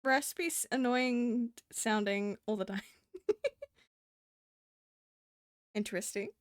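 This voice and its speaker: A woman's voice: on the high side, takes it slowly, dry recording, clean studio sound. A woman streamer in casual live-stream chat, swearing freely, laughing often and talking to her chat.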